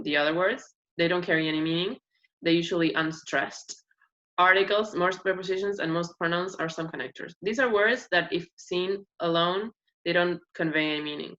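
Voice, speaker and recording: Low-pitched woman explaining with fillers. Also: pushed and bright. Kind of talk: class presentation on phonetics. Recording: dull, lo-fi sound.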